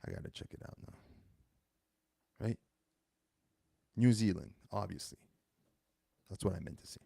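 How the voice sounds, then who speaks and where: A man's voice: deep voice, animated, moderate pace, creaky, mellow, husky, no room sound. A man in his thirties hosting a show, talking casually in a rambling way and correcting himself as he goes. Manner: rambling, self-correcting storytelling. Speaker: host. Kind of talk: casual monologue.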